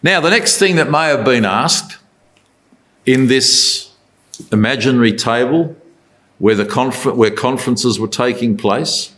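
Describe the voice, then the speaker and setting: A man delivering a Bible talk at a middle pitch. He speaks conversationally and often puts rhetorical questions to his listeners. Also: measured pace, fairly bright tone.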